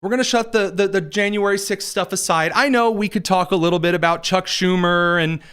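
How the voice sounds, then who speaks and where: Man, political commentary host, sarcastic, mocking, slightly high voice. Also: a little fast, a bit bright, clean tone.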